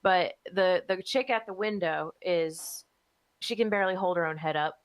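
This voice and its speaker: A woman's voice: on the low side, normal speed. Profane woman telling a story. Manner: profane, exasperated storyteller, repeats herself. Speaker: podcast co-host. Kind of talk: casual chat, storytelling.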